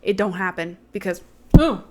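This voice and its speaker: A woman's voice: medium pitch, lively intonation, moderate pace, a little hiss or hum. A woman casually recapping a TV series plot, chatty, swearing and laughing freely as she goes.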